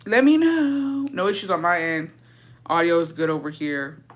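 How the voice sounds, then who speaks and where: A young woman live-streaming from her phone with headphones, telling a blunt, profane and animated story in casual storytime. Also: lowish voice, normal speed.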